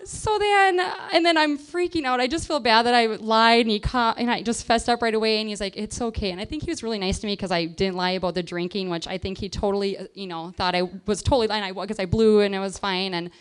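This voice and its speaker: A young woman telling a personal story on stage in a chatty, laughing, animated way. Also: medium pitch, quick pace, hardly any pauses, clean tone.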